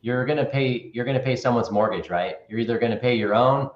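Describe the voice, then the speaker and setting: A man's voice: mid-range voice, quick pace. Man giving folksy advice over an echoey remote line. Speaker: credit repair business owner, interview guest. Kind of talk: casual interview talk. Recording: dull, echoey remote audio.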